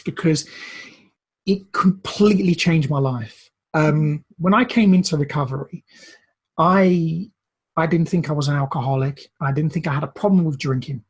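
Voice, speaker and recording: A man's voice: a little high, breathy edge. A Brazilian-born man in recovery coaching, telling a personal story in an earnest, emotional way, often repeating words.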